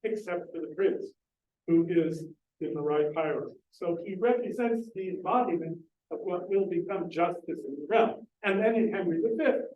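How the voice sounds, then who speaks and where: A man with a high, light voice lectures in an earnest, explanatory way, now and then turning questions to the people listening. He is recorded from a distance in a reverberant library room. A faint room hum sits under his voice. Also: muffled recording. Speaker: lecturer on Shakespeare. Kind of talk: public lecture. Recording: echoey room, distant mic.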